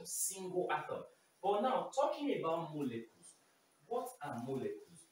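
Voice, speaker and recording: A chemistry teacher giving a simplified video lesson, repeating key terms and often checking in with "okay?". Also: medium pitch. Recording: very echoey room, voice far from mic, faint noise.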